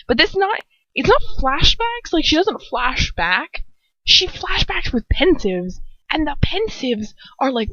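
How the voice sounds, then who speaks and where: A woman's voice: high-pitched, a bit bright, no echo. A woman reading a first-person fan fiction story aloud, emotive and casual, with chatty asides. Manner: emotive, breaks off into giggly asides. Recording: dull, dry lo-fi recording.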